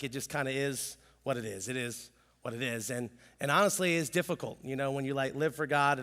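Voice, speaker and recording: Animated pastor in a reverberant hall. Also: male voice, fairly high pitch. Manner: animated, self-deprecating storytelling with jokes. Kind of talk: casual sermon. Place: church sanctuary.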